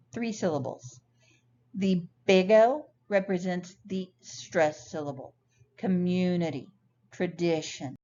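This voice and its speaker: A woman teaching an English pronunciation lesson, speaking slowly and clearly and sounding out example words. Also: lowish voice, warm tone, dull audio, slight background noise. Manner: slow, clear teaching delivery with careful word examples. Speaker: ESL teacher. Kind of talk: recorded lesson.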